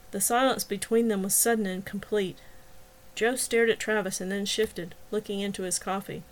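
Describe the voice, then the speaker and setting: A woman reads a novel aloud in a measured, even voice. Her pitch sits in a middle range. She narrates steadily. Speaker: audiobook narrator. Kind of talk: scripted narration.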